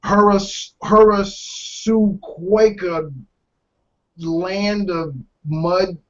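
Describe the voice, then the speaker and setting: Male podcast host, bit high-pitched, muffled lo-fi recording, quick jokey political chat. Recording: dull lo-fi podcast audio.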